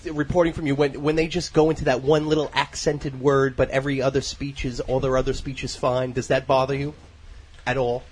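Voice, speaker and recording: A man's voice: medium pitch, little pitch movement, brisk. Brief: male panelist, pressing and disbelieving, light hiss. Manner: quizzing, incredulous. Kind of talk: casual banter.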